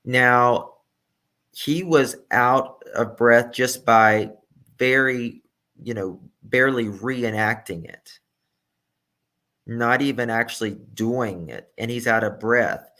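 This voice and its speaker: A man's voice: mid-range voice, slow, sharp tone. A man giving emphatic true crime reaction commentary and repeating his key points.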